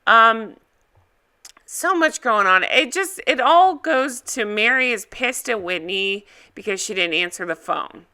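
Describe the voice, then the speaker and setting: A woman's voice: a little high, expressive, a little slow, bright, forceful tone, clear, resonant tone. A woman hosting a reaction video, giving a casual, blunt and opinionated recap.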